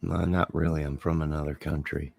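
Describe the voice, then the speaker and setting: A man's voice: very deep voice, level tone, brisk, vocal fry, a little mellow. A man chatting casually on a livestream, rambling and joking as he answers viewers' comments. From Illinois, near Chicago.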